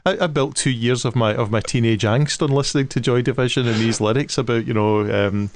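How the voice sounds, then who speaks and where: A middle-aged British man co-hosting a casual podcast chat, self-deprecating and quick to chuckle, often restarting his sentences. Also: mid-range voice. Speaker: podcast co-host.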